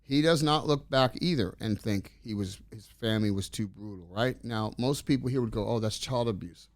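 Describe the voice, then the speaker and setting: A middle-aged man telling stories in a casual interview, rambling and animated as he acts out the dialogue. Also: fairly low pitch, normal speed, no echo. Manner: rambling, animated storyteller acting out quoted dialogue. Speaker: interview guest.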